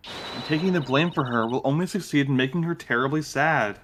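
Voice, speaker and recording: A man's voice: fairly high pitch, a little fast, a bit bright, a little hiss or hum. A man streaming a game with a friend, reading its dialogue aloud and chatting casually, often laughing and swearing. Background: game music.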